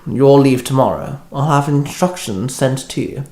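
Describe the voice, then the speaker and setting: A man's voice: mid-range voice, normal speed, a little mellow, natural voice. A man voicing a cheerful, cigar-smoking crime boss in a storybook, chummy and pleased with his hired hunters. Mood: gleeful. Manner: gleeful, chummy. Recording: echoey room.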